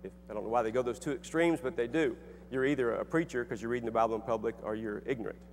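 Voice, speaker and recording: A man's voice: medium pitch, rapid-fire. A middle-aged man telling a personal story to an audience in an earnest, conversational way, with restarts and fillers. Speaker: speaker and author. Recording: echoey hall with faint hum.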